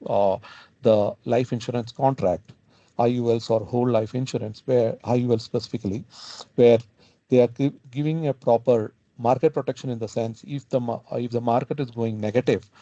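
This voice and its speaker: A man presenting a financial planning webinar, explaining in a halting way and often checking in with "okay?". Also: mid-range voice, mellow, no room sound. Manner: halting, adds "okay?" after points. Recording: dull lo-fi webinar audio.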